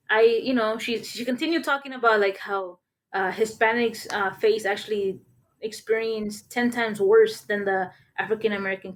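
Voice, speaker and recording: A young adult woman, a teacher co-hosting a podcast, tells a long personal story in casual chat, rambling and full of fillers. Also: medium pitch. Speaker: podcast co-host and middle school math teacher.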